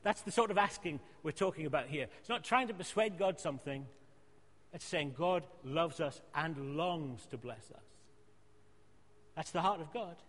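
A preacher delivers an earnest sermon, pressing his points hard and then easing into quieter appeals. His voice sits fairly high for a man. It rings through a hall with a long, lingering reverb. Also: moderate pace. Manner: earnest, emphatic, rising to loud exhortation then dropping soft.

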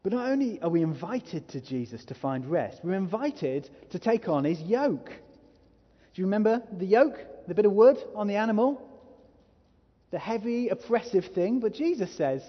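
A man's voice: high-pitched, sing-song, normal speed, breathy edge. A man preaching a sermon as a pastor, earnest and growing emphatic as he urges his listeners. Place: church hall. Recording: muffled hall reverb.

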